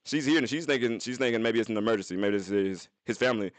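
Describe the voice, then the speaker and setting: A young man streaming from his phone, telling a profane story to his chat in an animated way, with sudden jumps into high voices. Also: fast talker, dry recording.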